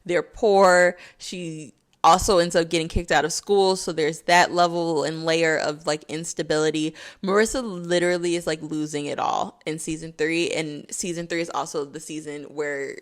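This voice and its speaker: A woman's voice: low voice, fairly even intonation, moderate pace, hardly any pauses. A young woman talking through a casual video essay, chatty and full of "like"s. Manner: chatty, filler-heavy, with many "like"s.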